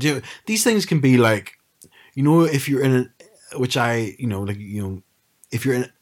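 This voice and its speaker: A man in his thirties in casual podcast chat, hesitant and expressive. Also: lowish voice. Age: 30s. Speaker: podcast co-host.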